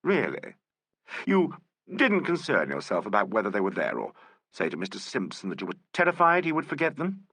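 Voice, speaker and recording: A man voicing a polite, urbane police inspector who questions suspects with gentle irony, in an audiobook. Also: lowish voice, huge pitch swings, fairly quick, no echo, clean studio sound, exaggerated voice. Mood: questioning. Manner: courteous, urbane, gently ironic. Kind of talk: audiobook character voice.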